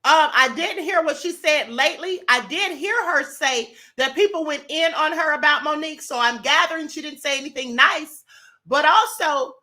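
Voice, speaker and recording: Sharp-toned and high-voiced, this woman from Kentucky speaks at a moderate pace. She hosts a livestream, reading viewer comments aloud with sassy, emphatic casual commentary and plenty of "honey" and "beloved."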